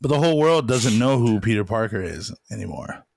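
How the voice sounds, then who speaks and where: A man's voice: fairly low pitch, expressive, a little fast, vocal fry, darkish tone, no echo. A man co-hosting a casual podcast chat, speculating aloud with frequent restarts. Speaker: podcast co-host. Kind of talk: casual chat, reacting to a trailer.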